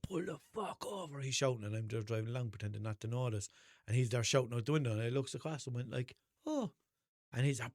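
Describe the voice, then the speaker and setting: A man's voice: medium pitch, no room sound, clean studio sound. A young man with a Limerick Irish accent, hosting a podcast and telling casual stories, swearing freely and acting out the back-and-forth. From Ireland. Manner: animated, swears freely, acts out quoted exchanges. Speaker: podcast host. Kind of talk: casual storytelling monologue.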